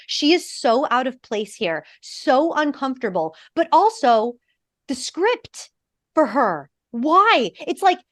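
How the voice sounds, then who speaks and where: A woman who is an actor and podcast host, chatting in an animated, opinionated way and swearing freely. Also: a little high, dry recording, clean studio sound. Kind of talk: casual podcast chat.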